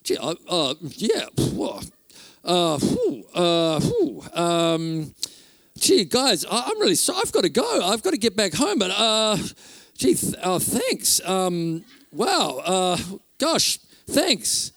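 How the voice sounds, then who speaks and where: A man putting on a flustered woman in a hurry, her voice pitched up high and dropping softer as she stammers and trails off. She sounds apologetic and breathless, halting between words. It is dry and close, with no room around it. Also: dry recording. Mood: stunned.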